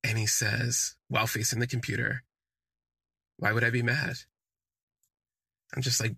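Male podcast host, gravelly and husky, candid conversational storyteller. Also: mid-range voice, little pitch movement, measured pace, long pauses, sharp tone, no echo. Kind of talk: casual storytelling monologue.

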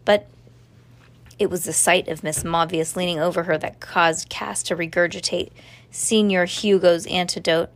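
A woman reading a children's novel aloud in a steady, plain voice with small slips. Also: on the low side, normal speed. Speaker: storybook reader.

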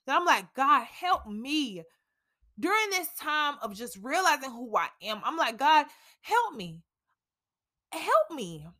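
A young woman with a high, pushed, bright voice hosts a casual faith podcast. She talks candidly and a little preachily, breaking off for dramatic asides to herself.

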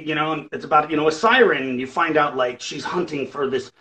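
A man's voice: on the high side, fast, bright, forceful tone, poor audio. A man, a musician guest, chatting casually in an interview and rambling with lots of fillers and acted-out quotes.

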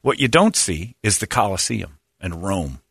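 A man hosting a show, bantering casually in a blunt, opinionated way and quick to complain. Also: low-pitched, sing-song, gravelly, fairly bright tone, breathy edge, no room sound, studio quality. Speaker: radio show host.

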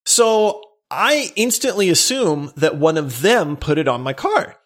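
A man from Louisiana tells a story in casual podcast chat. He laughs along and acts out the quotes loudly. His voice sits a bit high and moves around a lot. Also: sing-song, a little slow.

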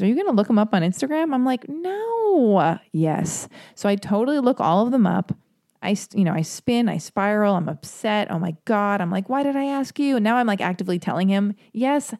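A woman's voice: mid-range voice, warm tone, no room sound, clean studio sound. A young woman in a confessional monologue, chatty and self-mocking, with lots of restarts and asides.

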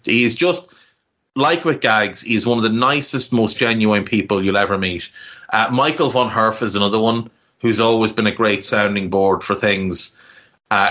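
Bright-voiced Irish man with a Navan accent. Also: medium pitch, lo-fi sound. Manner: rambling, heartfelt, swears casually. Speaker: podcast host. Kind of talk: casual podcast chat.

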